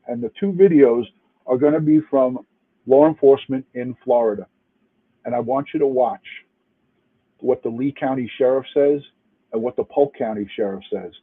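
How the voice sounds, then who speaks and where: A man's voice: mid-range voice, moderate pace, slightly rough. A retired police detective from New York City, angry and emphatic, cursing and restarting as he comments to a live chat. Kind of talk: livestream commentary. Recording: tinny phone-like line.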